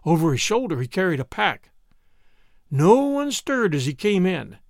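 A man narrating a storybook in an expressive reading style, shifting into character voices as he goes. His voice sits fairly high and rises and falls a great deal. The sound is dry and close to the mic. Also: moderate pace, no room sound.

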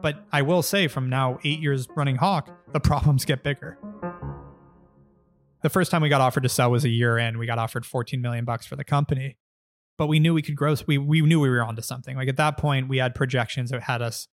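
A man in his thirties, a business founder telling stories in a casual interview, blunt and profane, with lively delivery. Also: medium pitch, fairly quick, faint music behind. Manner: blunt, profane, animated storyteller. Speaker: agency founder and guest.

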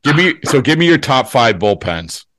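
A man's voice: mid-range voice, very animated, moderate pace, a bit bright, no echo. A man hosting a casual podcast interview, asking loose questions full of restarts.

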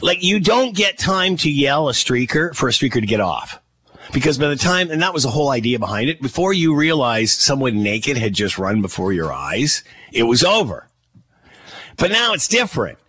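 A man's voice: mid-range voice, big pitch swings, normal speed, fairly bright tone, husky, no echo. A man from Canada hosting a radio podcast, rambling in casual chat with chuckles and mock quotes.

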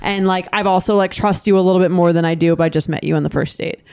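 Blunt, foul-mouthed woman co-host, casual podcast banter, smooth clear voice. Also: lowish voice, fairly even intonation, fast, a little mellow. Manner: blunt, swears freely, laughs often.

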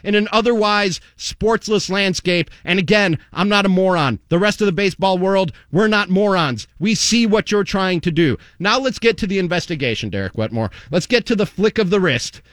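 A man with a notably high-pitched voice hosts a sports talk show, ranting with sarcasm and indignation and hammering the same questions again and again. His voice is close and dry, with no room echo at all. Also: lively intonation, normal speed, hardly any pauses, a bit bright. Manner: sarcastic, indignant, repeating himself for effect. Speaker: sports radio host. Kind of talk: heated talk radio rant. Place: radio studio.

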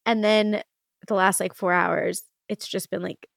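A woman's voice: mid-range voice, level tone, unhurried, gravelly, no room sound. Woman in her thirties, solo podcast host, emotional and rambling, casual swearing, dry close sound. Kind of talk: candid solo podcast talk.

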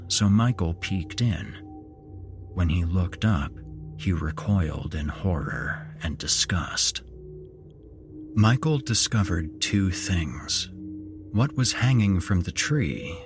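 Deep voiced guy reading a horror story slow and grave, soft music under it. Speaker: horror podcast host and narrator. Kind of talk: scripted horror story narration.

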